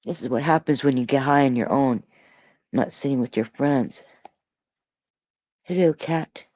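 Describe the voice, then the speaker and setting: A woman's voice: extremely low pitch, normal speed, a little mellow, no room sound, muffled recording. A woman in her sixties from Toronto, rambling in a casual solo livestream chat, reading comments aloud and laughing often. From Toronto, Canada. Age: 60s. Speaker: livestream host. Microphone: streaming mic.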